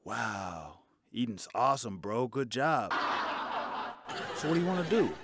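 A man's voice: mid-range voice, a little slow, very noisy. A man doing a dopey, eager bro. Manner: excited, pestering, bro-like. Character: dim, overeager young man, the first human.

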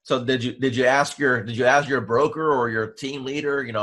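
Male host-interviewer, husky voice, keeps steering with prompting questions. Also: medium pitch, steady tone, brisk, fairly bright tone. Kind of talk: testimonial interview.

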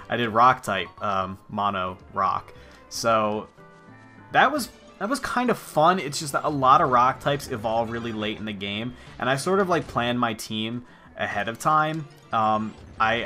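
Guy rambling + cussing thru a let's play, bright voice, faint game music behind. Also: medium pitch. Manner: joking, rambling, swears freely. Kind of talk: casual gameplay commentary.

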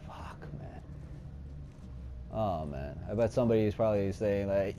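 A man giving let's play commentary, swinging between nervous muttering and loud excited shouting, and swearing a lot. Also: fairly low pitch, normal speed, long pauses, slight background noise. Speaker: gaming streamer.

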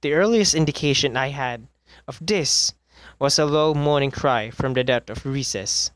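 Male amateur reader, mid-pitched, measured story narration, dry close mic. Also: no room sound. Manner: measured, with occasional misreadings and self-corrections. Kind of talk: reading a classic short story aloud.

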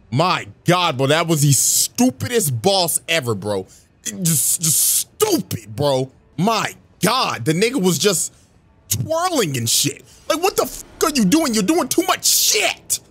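A young man reacting to a video game, his voice sitting high and leaping wildly between low mutters and shrill screams. He swears constantly as he plays, and loud game music pounds behind him. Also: big pitch swings, a little slow. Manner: profane, screaming outbursts at the game. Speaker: gaming YouTuber. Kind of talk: live gameplay commentary.

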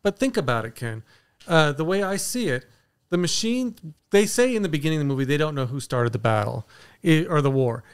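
Higher-voiced man, smooth and dry. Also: fairly quick, dry recording. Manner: animated, speculative, poses questions. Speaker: podcast co-host. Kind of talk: casual movie review chat.

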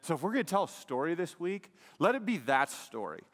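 This pastor's voice is fairly high and fairly bright, with big swings in pitch and a brisk pace. He preaches in a church sanctuary, emphatic and conversational, regularly dropping "man" and "like" between his points, while the long reverb of a large hall fills the recording.

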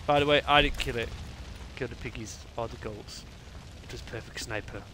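A man giving excitable, joking live gameplay commentary, swearing a lot. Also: mid-range voice, normal speed, noisy background. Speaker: streamer.

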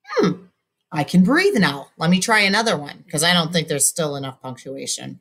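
A woman teacher recording a mini lesson for young students, patiently modeling how to read aloud and pause to breathe. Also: sits low, big pitch swings, fairly bright tone. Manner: clear, patient modeling, reads text aloud with exaggerated breathlessness.

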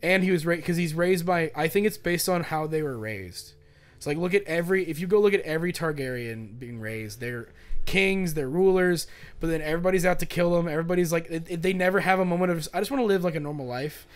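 Animated, swearing podcast man. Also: on the high side, fairly quick, smooth. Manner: animated, swearing, acts out quotes loudly. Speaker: podcast co-host. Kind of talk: casual chat.

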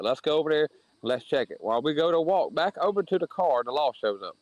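Speaking quickly in a slightly high, expressive voice, a racing series promoter from the southern United States shares a heated racetrack story in casual podcast talk. He plays out the quoted arguments in a blunt, plain-spoken manner. The audio is dry and low-quality.

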